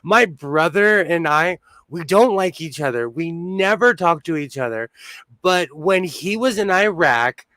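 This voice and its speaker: A man's voice: fairly high pitch, expressive, a little slow, bright, forceful tone, dry recording, clean studio sound. Chatty man hosting a sewing stream. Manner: chatty, laughs often, answers chat. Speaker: sewing livestream host. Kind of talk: casual live-stream chat.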